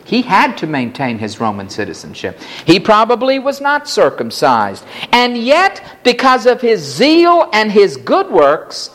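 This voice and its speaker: Male preacher, middle-aged, higher voice with big swings, dramatic storyteller. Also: fairly bright tone. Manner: dramatic, emphatic storytelling with rising outbursts. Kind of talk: sermon.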